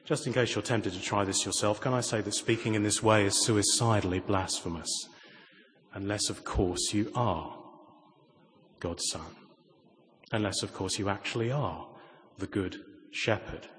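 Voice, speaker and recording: A man preaching a sermon, moving from raised, emphatic lines to quiet, intimate asides and pointed rhetorical questions. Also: on the low side, normal speed, long pauses. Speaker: pastor. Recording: long reverb of a large hall.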